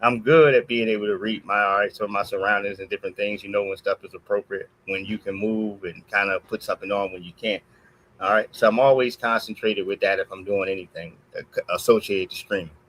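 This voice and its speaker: A man's voice: steady tone, a little fast, fairly bright tone, rough recording. Man ranting with constant "all right"s. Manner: peppers every sentence with "all right"; swings from low mutters to high exclamations. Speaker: live streamer. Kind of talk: casual storytelling rant.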